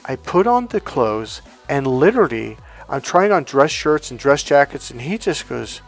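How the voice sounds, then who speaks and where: With soft music underneath, a middle-aged man who works as a life coach chats through a story from his life at medium pitch and normal speed. He brings the dialogue to life with animated shifts and drops casual swears.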